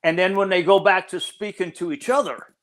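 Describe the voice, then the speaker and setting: A man's voice: high voice, a little fast, fairly bright tone. An older man answering as an interview guest, earnest and explanatory with a slightly academic manner, over remote call audio. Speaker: guest expert.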